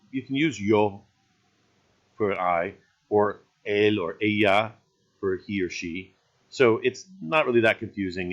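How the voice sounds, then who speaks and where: A man's voice: lowish voice, lo-fi sound. A man teaching a recorded grammar lesson in an easygoing, explanatory way, often checking in with "right?".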